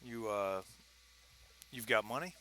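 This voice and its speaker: Man putting on a curt Cockney forklift operator, low and wary, faint background noise. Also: slow, sharp tone, poor audio. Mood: guarded. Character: male dockworker with a thick Cockney accent, curt.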